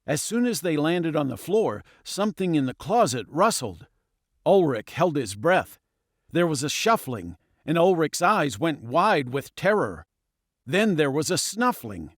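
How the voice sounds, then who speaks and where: A man's voice: a little high, big pitch swings, a little slow, dry recording, studio quality. A man narrating a children's audiobook expressively and dramatically. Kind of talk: scripted storybook narration.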